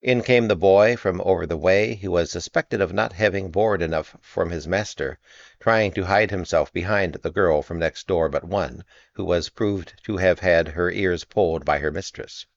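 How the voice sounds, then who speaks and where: A man reads a classic tale aloud in a very low voice, paced and expressive. The recording is dull with no room echo at all. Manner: measured, expressive storytelling. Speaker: narrator. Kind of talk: audiobook reading.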